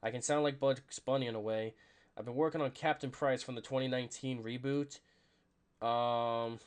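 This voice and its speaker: A man hosting a podcast, reacting to a live game, rambling with lots of fillers and jumping into excited play calls. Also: medium pitch, smooth. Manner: rambling and self-conscious, full of fillers. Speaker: podcast host.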